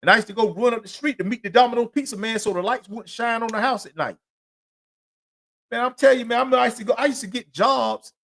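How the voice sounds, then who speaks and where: High-voiced man telling street stories. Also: quick pace, vocal fry, fairly bright tone. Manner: loose, profane street storytelling; rambling, repeats "you know what I'm saying". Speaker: podcast host. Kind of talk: solo podcast monologue.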